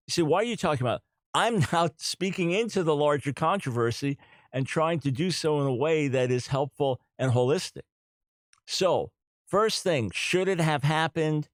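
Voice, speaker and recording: A man's voice: fairly high pitch, dry recording. Earnest man hosting talk radio. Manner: earnest, emphatic, repeats key points. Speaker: radio talk show host.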